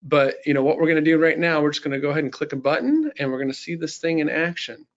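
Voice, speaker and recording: A man presenting a live software sales demo in a webinar, upbeat and salesy with lots of "you know" fillers. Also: fairly high pitch, animated, quick pace, dull audio.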